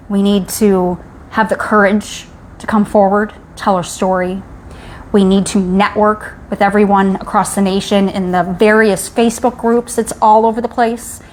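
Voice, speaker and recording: A woman's voice: medium pitch, slight background noise. A woman hosting a live stream, speaking in an urgent, rallying way about speaking up and sharing stories. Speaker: host. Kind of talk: live-stream advocacy talk.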